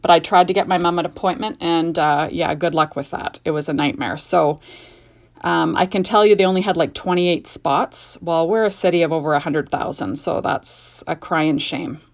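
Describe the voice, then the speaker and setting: A woman's voice: low-pitched, moderate pace. A middle-aged woman hosting a casual card-making tutorial at home, chatty and gushing, with rambling asides. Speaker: card-making video host. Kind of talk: casual craft tutorial chat.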